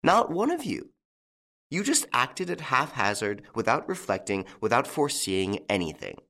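A man voicing a mocking, playful gentleman thief in an audiobook, teasing and taunting with big swings in pitch. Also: very animated, normal speed. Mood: scornful. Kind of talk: audiobook character reading.

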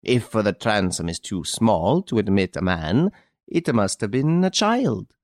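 A man reading an audiobook, voicing a calm, clever chevalier who explains a theft in a smiling, deliberate way. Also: on the low side, no room sound, studio quality.

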